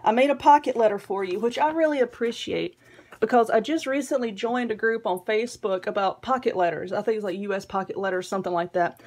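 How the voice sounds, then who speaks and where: A woman's voice: mid-range voice, a little fast, a little mellow. A woman with a Southern US accent, chatting casually and rambling while showing her mail, often giggling. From Southern United States. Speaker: vlogger.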